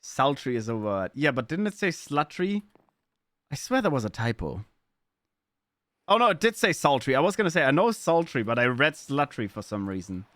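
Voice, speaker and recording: A man's voice: medium pitch, big pitch swings, moderate pace, a bit bright, no echo. A man from Germany with a German accent, chatting casually with his live-stream audience, playful and swearing freely as he riffs on chat messages.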